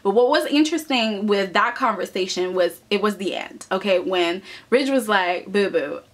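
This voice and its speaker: A woman reviewing soap opera episodes in casual, animated chat, often tossing in "okay?" and mocking the characters. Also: mid-range voice, moderate pace. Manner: animated, chatty, keeps adding "okay?"; acts out characters in mocking asides.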